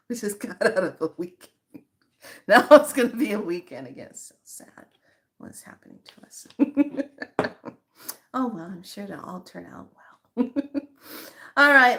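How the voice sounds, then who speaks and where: A woman's voice: mid-range voice, a bit bright. Giggly chatty woman vlogger. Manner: giggly, chatty, calls viewers lovelies. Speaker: spiritual vlogger. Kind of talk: casual chat to viewers.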